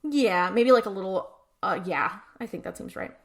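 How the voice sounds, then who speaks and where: In an animated mid-range voice at a normal speed, a female podcast co-host chats through an episode recap, voicing characters' lines as she tells it.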